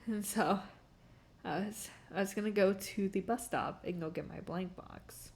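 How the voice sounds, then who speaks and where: A woman's voice: medium pitch, measured pace. A young adult woman telling a story in a casual, rambling way, laughing often and filling her talk with "like" and "um" while she streams.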